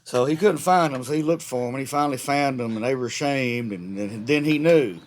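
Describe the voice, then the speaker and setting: With a medium-pitched voice and fairly quick delivery, a middle-aged vlogger launches into a long, sarcastic rant. He's rambling and irreverent, repeating words and restarting often, and there's slight background noise.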